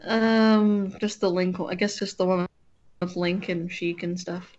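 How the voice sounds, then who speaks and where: A woman's voice: on the low side, steady tone, measured pace, a little mellow, highs cut off. A woman streamer chatting casually with a friend while drawing, rambling and often breaking off to restart her sentences.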